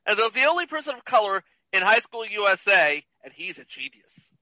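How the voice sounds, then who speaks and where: A man's voice: high-pitched, big pitch swings, a little fast, bright, forceful tone, dry recording, poor audio. A man co-hosting a casual movie chat podcast, teasing and wry. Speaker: podcast co-host.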